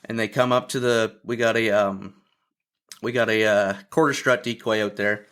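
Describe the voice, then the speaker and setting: A man's voice: lowish voice, moderate pace, smooth. A man from Ontario, a podcast guest, telling a hunting story in casual chat over a video call and acting out the lines of the people in it. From Ontario, Canada. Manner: lively storyteller who acts out other people's quotes.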